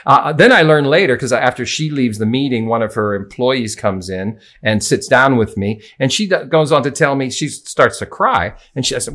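Middle-aged guy cohosting a podcast, ordinary pitch, tells stories, leans hard on words. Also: animated, normal speed, hardly any pauses, fairly bright tone. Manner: anecdotal, stresses words for effect. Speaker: podcast co-host. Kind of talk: casual podcast chat, telling a story.

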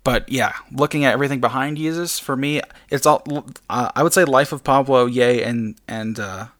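A man's voice: medium pitch, normal speed, a bit bright. A man speaking as a podcast guest in casual chat, hesitant, with lots of fillers and laughs.

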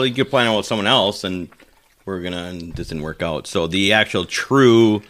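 A man's voice: sits low, moderate pace, a bit bright. A man co-hosting a podcast, bantering crudely and playfully. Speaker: podcast co-host. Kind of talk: casual chat.

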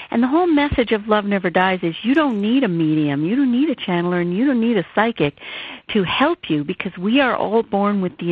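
Husky-voiced woman on a tinny phone line. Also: lowish voice, no echo. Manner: animated storytelling, acts out quoted voices. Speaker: author and therapist guest. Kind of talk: storytelling interview talk.

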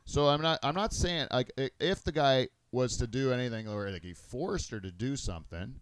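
A middle-aged man hosting a crude casual podcast chat, rambling and halting with many fillers and restarts. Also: mid-range voice, smooth, dry recording. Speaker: podcast host.

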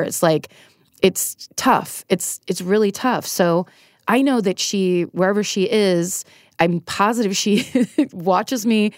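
A woman's voice: medium pitch, no room sound, studio quality. A middle-aged woman speaking candidly and self-deprecatingly as a guest in a casual interview, often laughing as she talks. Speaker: podcast guest.

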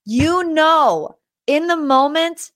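A woman's voice: high-pitched, takes it slowly, dry recording, studio quality. A woman hosting a podcast and recapping a reality show in a casual, chatty way, with sassy asides. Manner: chatty, animated, with sassy asides and quoted voices. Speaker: podcast host.

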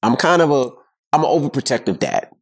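A man's voice: medium pitch, big pitch swings, quick pace. A middle-aged man hosting a podcast, chatting casually in joking, boastful banter. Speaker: podcast host. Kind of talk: casual chat.

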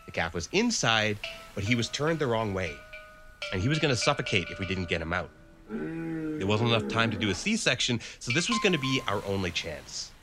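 A man from Canada, telling a comic personal story on stage with dramatic swings from hushed to emphatic. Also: fairly low pitch, very animated, moderate pace, music in the background.

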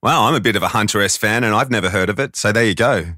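A man's voice: fairly low pitch, rapid-fire, bright, forceful tone, dry recording, clean studio sound. A man co-hosting a podcast, joining in casual banter with teasing jokes. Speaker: podcast co-host.

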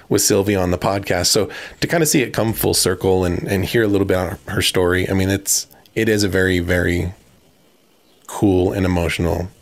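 A male podcast host with a low, gravelly voice talks in a halting, thoughtful way. He restarts his sentences often as he searches for words. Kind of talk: conversational interview.

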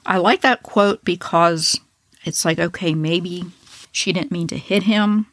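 A woman's voice: on the low side, steady tone, measured pace, a bit bright, no room sound. A woman hosting a true crime podcast, telling a case in a casual, blunt, opinionated way with profane asides.

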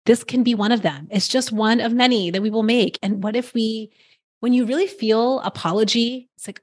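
A woman with a fairly high voice hosts a coaching podcast. She speaks earnestly and encouragingly and keeps affirming her guest with quick murmurs. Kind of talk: conversational coaching talk.

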